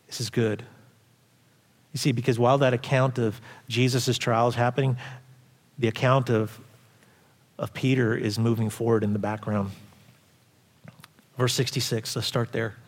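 A man preaching a sermon as pastor, animated, acting out quoted voices loudly and dropping to quiet asides. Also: medium pitch, moderate pace, pauses often. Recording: long hall reverb.

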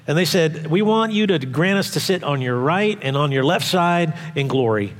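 A male pastor preaching a sermon in an animated way, acting out voices and asking the congregation questions. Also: fairly high pitch, normal speed, hardly any pauses, long reverb tail.

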